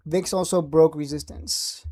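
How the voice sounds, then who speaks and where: Man, market streamer. Brash, joking, dark tone. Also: fairly high pitch. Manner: brash, joking, laughs at own jabs. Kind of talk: casual market commentary.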